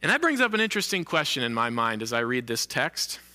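A male pastor preaching a sermon, earnest, slowing down to stress key phrases and lifting his voice when quoting cries. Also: mid-range voice, sing-song, bright, forceful tone. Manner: earnest preaching, slows for emphasis, rising for quoted cries.

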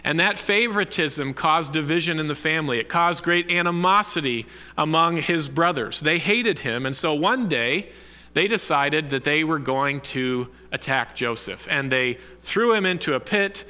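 A man delivering a church sermon in an earnest, deliberate way, stretching out the words he wants remembered. His voice is bright and forceful and sits a little high. A long reverb trails behind him, as in a large sanctuary. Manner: earnest preaching with slow emphatic stresses. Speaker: pastor.

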